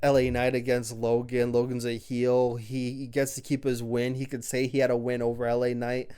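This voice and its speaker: A man's voice: medium pitch, completely flat delivery, normal speed, warm tone, smooth. A man recapping a wrestling show in casual, rambling chat, full of fillers and offhand swearing.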